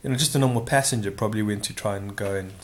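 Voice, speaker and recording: A man's voice: lowish voice, very fast. A man casually telling a long personal anecdote, rambling and correcting himself with frequent asides. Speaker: storyteller.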